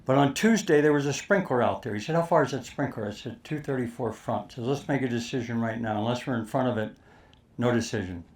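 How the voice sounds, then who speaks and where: Animated older man telling a story. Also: mid-range voice, fast. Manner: animated storyteller, acts out quotes. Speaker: speaker telling a caddie story. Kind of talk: storytelling talk to an audience.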